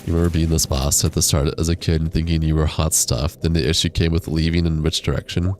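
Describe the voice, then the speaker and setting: A man's voice: very deep voice, level tone, fast talker, soft background music. A young man streaming a game, chatting casually, reading chat aloud and laughing often. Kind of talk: casual livestream chat while gaming.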